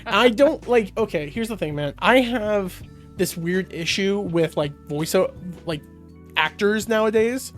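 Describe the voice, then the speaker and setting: A man's voice: high-pitched, a little slow, soft background music. A man co-hosting a podcast, chatting casually and rambling with many fillers and restarts. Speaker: podcast co-host. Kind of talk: casual chat.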